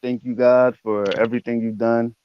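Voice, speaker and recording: A man's voice: medium pitch, flat delivery, normal speed, lo-fi sound, a little hiss or hum. A male show host, laid-back and laughing easily, often repeating "you know what I'm saying". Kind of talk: casual interview show.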